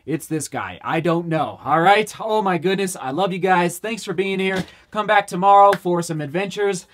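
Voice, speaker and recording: A man excitedly talking in a casual running vlog, exclaiming and repeating phrases for emphasis. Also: high-pitched, normal speed, slight background noise. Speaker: running vlogger.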